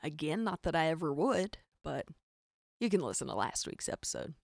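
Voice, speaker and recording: A woman with a Southern Arkansas accent tells a comic story in a low, gravelly voice. She talks in animated, exasperated bursts with wry asides. The sound is dry and close, with no room around it. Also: moderate pace, no room sound. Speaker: podcast host. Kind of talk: comedic storytelling monologue.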